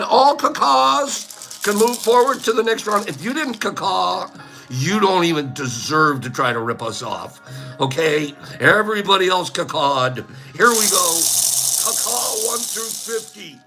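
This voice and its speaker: Speaking with a fairly high pitch and vocal fry, a man hosts a casual live stream. He playfully teases the viewers in chat, laughs frequently, and breaks into loud bird calls.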